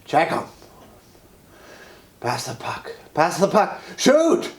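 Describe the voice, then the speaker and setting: A man playing a rowdy hockey fan who shouts commands at the players. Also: lowish voice, expressive, very slow, creaky, reverberant, exaggerated voice. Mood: yelling.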